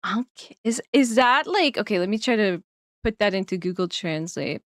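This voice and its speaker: A woman's voice: medium pitch, expressive, normal speed, no echo, clean studio sound. A woman streamer chatting casually on a live stream, giggling often and rambling through plenty of fillers.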